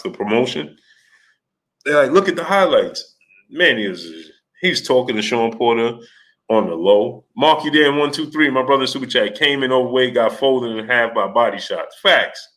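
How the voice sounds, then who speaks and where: A man hosting a live stream, greeting viewers and retelling stories with laughter and quoted voices. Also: mid-range voice. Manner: animated storytelling, laughing, mimicking voices. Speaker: host. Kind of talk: live stream chat, reading Super Chats.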